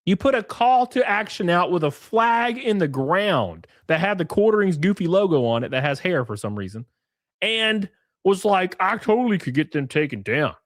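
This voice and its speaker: Clean studio sound with no room sound captures a male streamer host whose high voice moves at a moderate pace. Reading tweets live, he riffs with sarcastic, profane, animated remarks and constantly says "brother."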